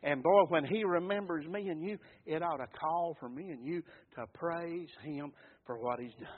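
A man's voice: on the high side, moderate pace. A man, preaching a sermon in a fervent, folksy storytelling way. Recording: tinny phone-like sound.

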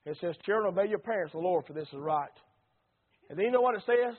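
A man's voice: high voice, lively intonation, fast talker, breathy edge. A middle-aged man with a Southern US accent preaching a sermon in a church, with a folksy, repetitive cadence. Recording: tinny phone-like sound.

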